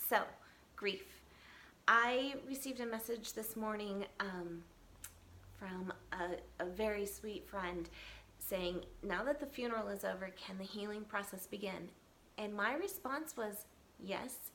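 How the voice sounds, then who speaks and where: Speaking into her camera's built-in mic at home in California, this thirtysomething horse massage therapist vlogger has a mid-range, fairly bright voice. She talks in an earnest, chatty way, stumbling through plenty of fillers and restarts, with a little hiss or hum in the audio.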